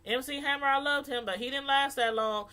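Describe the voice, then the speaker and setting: A woman speaking African American Vernacular English, chatting casually to camera as a reviewer, animated and laughing often as she acts out voices. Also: high-pitched, brisk. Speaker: YouTube reality-show reviewer.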